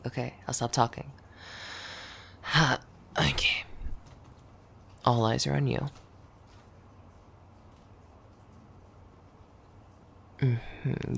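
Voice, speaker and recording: A woman performing a scripted audio role-play as a blunt, sarcastic office coworker who curses and grudgingly softens. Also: a bass voice, vocal fry, a little hiss or hum, heavily acted. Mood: sarcastic, dismissive. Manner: dry, dismissive teasing that turns grudgingly gentle.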